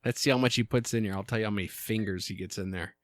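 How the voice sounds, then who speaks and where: A man hosting a casual podcast, joking and animated, with salty language. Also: fairly low pitch, fast, no room sound. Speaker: podcast host. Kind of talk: casual chat.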